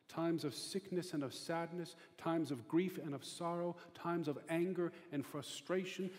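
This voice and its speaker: A male pastor preaching a sermon with an emphatic, repetitive cadence. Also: fairly high pitch. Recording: long reverb of a large hall.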